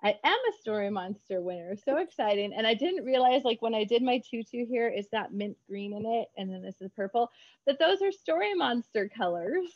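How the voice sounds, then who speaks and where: A woman author chatting in an interview, bubbly and quick, acting out her own remarks in lively voices. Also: fairly high pitch, no room sound, dull audio. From United States. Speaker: author guest. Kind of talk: casual interview chat.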